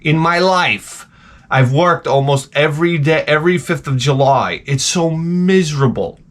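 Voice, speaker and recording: A male vlogger rants with profanity through a rambling monologue, sounding exasperated. He swings between loud outbursts and low muttering while keeping a measured pace.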